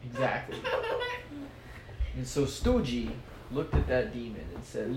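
A man's voice: medium pitch, measured pace. A man telling a rambling, playful improvised story. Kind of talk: improvised silly bedtime story. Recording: echoey room with background noise.

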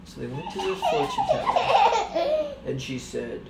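Mom making up a goofy story for the kids at home, echoey room, noisy. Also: female voice, extremely high pitch, wildly swooping pitch, unhurried, creaky, recorded from a distance. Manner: playful, rambling, laughs while telling. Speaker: mother telling a story to her kids. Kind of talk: improvised storytelling.

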